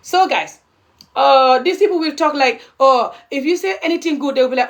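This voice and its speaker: A woman's voice: high voice, lively intonation, moderate pace. A young adult woman from Gambia giving heated, indignant social commentary to camera, pressing each point with a repeated "okay?". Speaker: video creator.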